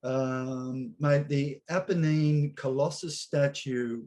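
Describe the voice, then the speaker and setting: A man's voice: mid-range voice, fairly even intonation, slow, warm tone. A man hosting a casual chat, laid-back and matey. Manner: laid-back, matey, calls guest mate and brother. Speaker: podcast host.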